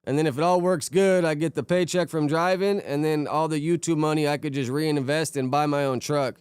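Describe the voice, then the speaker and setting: A man's voice: a little high, fairly even intonation, a little fast, darkish tone, smooth, dry recording, studio quality. A young man chatting casually on a live stream, rambling laid-back and greeting viewers by name. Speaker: streamer reacting to videos and chat.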